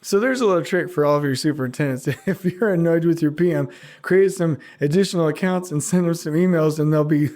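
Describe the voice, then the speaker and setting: A middle-aged man hosting a podcast alone, talking casually and teasing his listeners with quick asides. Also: a little high, dark tone. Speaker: podcast host. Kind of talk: casual solo podcast monologue.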